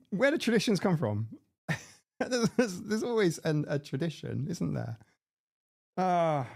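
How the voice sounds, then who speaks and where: A man's voice: on the high side, no echo, studio quality. A man hosting a casual live stream, chatting in a rambling way and laughing at his own jokes. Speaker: livestream host. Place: home room. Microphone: desk mic with mixer.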